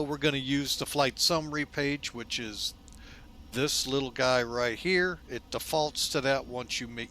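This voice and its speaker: A man hosting a flight simulator video in a casual, folksy way, relaxed and loose with lots of fillers, often speaking to viewers as folks. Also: medium pitch. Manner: chatty, folksy, keeps calling viewers "folks". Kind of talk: casual narrated simulator walkthrough.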